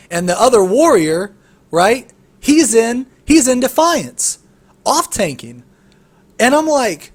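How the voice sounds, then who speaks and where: A young man with a high voice tells a heated gaming story on a casual podcast. He swears freely and rants with animated, rising energy. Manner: animated, profane ranting storyteller. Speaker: podcast co-host.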